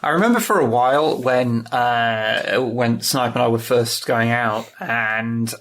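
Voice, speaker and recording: English guy guest, wry and measured, relaxed podcast chat. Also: medium pitch. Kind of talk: casual chat.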